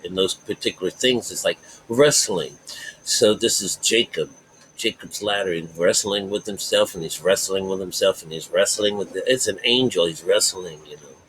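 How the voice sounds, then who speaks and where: Guy with a lowish voice going on about bible stuff, rambles and keeps circling back. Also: moderate pace, a bit bright, a little hiss or hum, poor audio. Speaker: self-taught Bible teacher. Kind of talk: rambling spoken Bible teaching.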